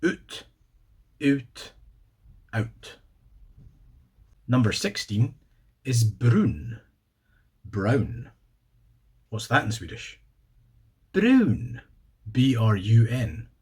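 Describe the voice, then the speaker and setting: Scottish host for a casual explainer vlog: unhurried, slightly husky voice, spells words out, dry humour. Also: male voice, on the low side, very animated, darkish tone. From Scotland. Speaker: video host.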